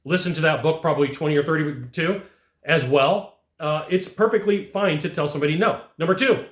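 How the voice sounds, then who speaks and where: A man's voice: fairly high pitch, fairly quick. A man teaching a sales lesson straight to camera, emphatic and repeating phrases to hammer points home. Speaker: sales trainer. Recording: echoey room.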